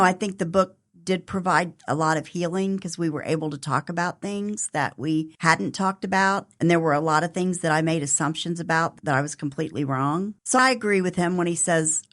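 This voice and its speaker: Soft-spoken older woman recalling her life. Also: deep voice. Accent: Southern Ohio. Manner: earnest, soft-spoken storytelling. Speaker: podcast guest. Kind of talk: reflective personal interview.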